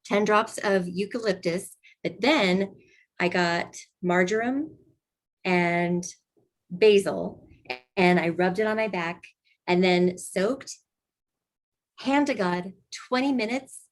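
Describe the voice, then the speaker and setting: A woman co-hosting a casual wellness chat, telling lively personal anecdotes and acting out what people said. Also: mid-range voice, takes it slowly, pauses often. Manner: lively anecdotes, acts out quoted voices. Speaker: co-host of a wellness group chat.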